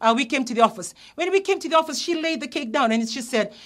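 High-voiced woman pastor preaching. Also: lively intonation, quick pace, a bit bright. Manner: earnest storytelling, rising to emphatic exhortation. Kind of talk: testimony sermon.

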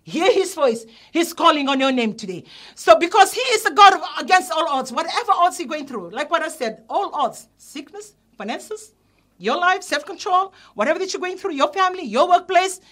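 A woman's voice: very high-pitched, animated, normal speed, fairly bright tone. A woman pastor, telling a testimony and exhorting listeners in a sermon. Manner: earnest storytelling, rising to emphatic exhortation.

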